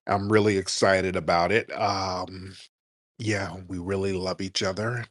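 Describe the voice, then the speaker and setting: A man mimicking a stiff, hushed politician. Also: low voice, dry recording, clean studio sound. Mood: stiff, rehearsed. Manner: hesitant, halting, flat and rehearsed. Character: stiff, soft-spoken male politician talking about romance.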